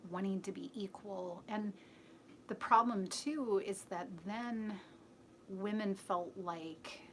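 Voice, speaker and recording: Slow, earnest woman live-streaming. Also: lowish voice, a little hiss or hum. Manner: earnest, chatty, answers the chat aloud, often drops to a near-whisper. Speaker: live-stream host reading viewer comments. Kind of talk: casual opinionated monologue.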